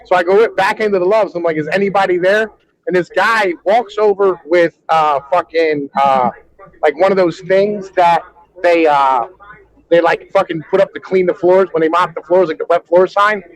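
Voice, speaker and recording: High-pitched trucker guy, animated crude storyteller, lots of "yo", casual panel chat. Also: moderate pace, poor audio. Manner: animated, peppers talk with "yo".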